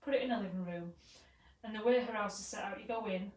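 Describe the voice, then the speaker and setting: A woman co-hosting a podcast, telling stories in an animated, sweary way. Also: mid-range voice, fast talker. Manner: animated storytelling, swearing, laughing through. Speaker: podcast co-host. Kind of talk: casual chat, storytelling. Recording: roomy, distant mic, faint background hum.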